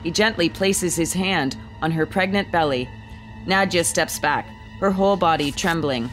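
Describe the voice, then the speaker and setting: A woman's voice: on the low side, moderate pace, soft background music. Woman reading a screenplay aloud. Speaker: narrator.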